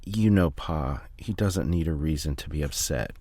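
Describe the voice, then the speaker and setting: A man voicing a weary, gentle mother who quietly gives in. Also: a bass voice, moderate pace, dry recording, studio quality. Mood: resigned. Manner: resigned, soft.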